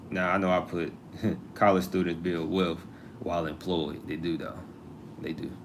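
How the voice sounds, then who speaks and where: A man's voice: low-pitched, flat delivery, normal speed, creaky, slight background noise. A man hosting a live stream, chatting casually to viewers and reading an article aloud, sometimes turning away from his mic.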